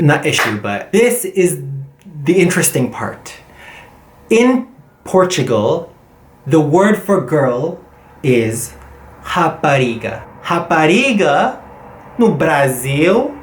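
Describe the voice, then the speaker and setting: A language teacher giving a casual vocabulary lesson, chatty and animated, with many fillers and self-corrections, mixing in Portuguese words and phrases. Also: mid-range voice, roomy sound.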